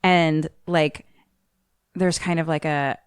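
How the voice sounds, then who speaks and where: A woman's voice: low voice, fairly even intonation, slow, smooth, dry recording, studio quality. A woman with a mixed American accent, a podcast co-host retelling a film plot in a loose, rambling way, full of quoted lines. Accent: mixed American, a little Philly and Maryland. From United States. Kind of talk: casual chat.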